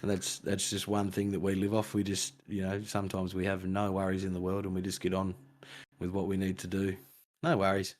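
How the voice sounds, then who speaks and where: A man's voice: low-pitched, completely flat delivery, fairly quick, a little mellow. An Australian man chatting as a podcast guest in a laid-back, easygoing way, swearing casually. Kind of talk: casual chat.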